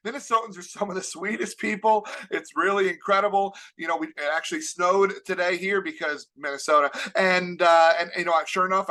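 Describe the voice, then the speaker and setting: A man gives a lively, funny keynote talk. His voice sits high for a man, and its tone is bright and forceful. He keeps things animated and slips into quick jokes. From Long Island, New York. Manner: animated, jokey, with quick impressions. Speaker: keynote speaker. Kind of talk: comedic motivational keynote.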